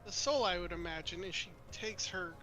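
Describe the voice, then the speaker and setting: A man narrating as game master of a tabletop role-playing game, in a slow, deliberate way with pauses. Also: high-pitched, music in the background.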